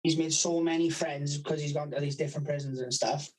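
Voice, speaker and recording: A man's voice: a little high, steady tone, fairly quick, poor audio. A man telling a long funny story in casual chat, swearing constantly and laughing at his own tales. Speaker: podcast co-host.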